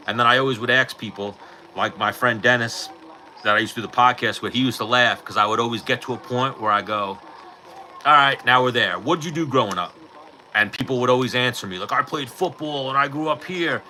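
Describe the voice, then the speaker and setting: A middle-aged man hosting a casual livestream chat, telling fight stories in an animated way, swearing freely and acting out what people said, into his own mic. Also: mid-range voice, fairly quick, a little hiss or hum, poor audio. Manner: animated storytelling, swears freely, acts out quotes. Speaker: livestream host. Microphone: personal mic.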